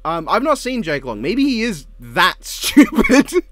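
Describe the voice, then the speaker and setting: A man's voice: high voice, huge pitch swings, a little slow. A man chatting casually as a co-host, joking, swearing freely and laughing often. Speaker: co-host ranking show intros. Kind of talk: casual podcast chat.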